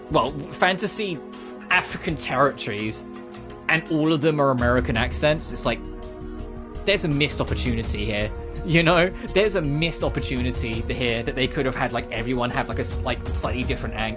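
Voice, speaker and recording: A man streaming games, chatting casually at the end of a session and wandering off on tangents. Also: mid-range voice. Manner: rambling, full of self-corrections and asides.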